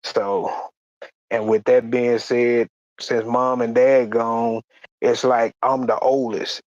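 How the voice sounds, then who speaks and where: A man giving a personal testimony in a halting, plain-spoken way, often repeating words and restarting. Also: medium pitch, flat delivery, darkish tone, no echo, dull audio. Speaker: guest sharing a church testimony.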